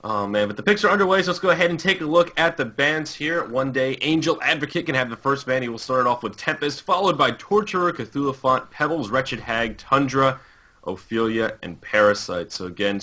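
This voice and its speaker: Bright, crisp man casting esports. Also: medium pitch, normal speed. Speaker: esports caster. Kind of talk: play-by-play esports commentary.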